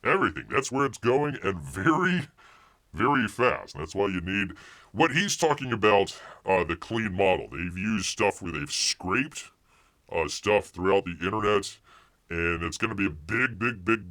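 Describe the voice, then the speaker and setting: A man's voice: low-pitched, lively intonation, normal speed, fairly bright tone. A man hosting a live stream, chatting casually, reading viewer comments aloud and rambling with repeated phrases. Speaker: live show host.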